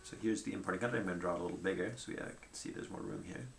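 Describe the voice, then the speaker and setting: A man gives a relaxed whiteboard lecture, talking through each step out loud and often checking in with his listeners. His voice sits on the low side and carries a gravelly edge. The room adds a noticeable echo. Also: rapid-fire, slight background noise. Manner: conversational, thinking aloud with frequent "right?" and "um".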